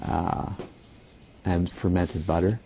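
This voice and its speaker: A man giving a dharma talk as a meditation teacher, unhurried and playful, often turning questions back to the listeners. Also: low-pitched, flat delivery, gravelly, highs cut off, heavy background noise.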